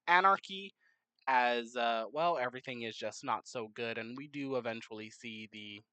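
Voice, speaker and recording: A young adult talks through a map timelapse in casual commentary, rambling and correcting themselves as they go. The pitch sits in an ordinary middle range. The recording is dry and close, with no room sound. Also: moderate pace, bright, forceful tone, smooth, dry recording, rough recording. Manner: rambling, many fillers and self-corrections, joking asides. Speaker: narrator of a map timelapse series.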